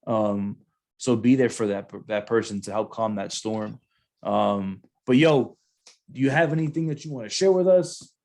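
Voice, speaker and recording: A man's voice: fairly low pitch, normal speed, darkish tone. A young adult man, a former Marine sergeant hosting a podcast, telling a personal story in casual slang and calling his co-host bro a lot.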